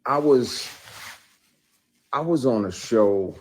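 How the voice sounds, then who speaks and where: This actor speaks in a mid-range, expressive voice at a slow pace, slightly mellow. Live-streaming off the cuff, he addresses his audience with heated, foul-mouthed bluntness, repeating himself to drive each point in.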